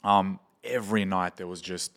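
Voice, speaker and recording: A young man with an Australian accent and a fairly low voice talks as a podcast guest. He tells stories in a loose, animated way, swearing and acting out what people said. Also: moderate pace, gravelly. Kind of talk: casual storytelling chat.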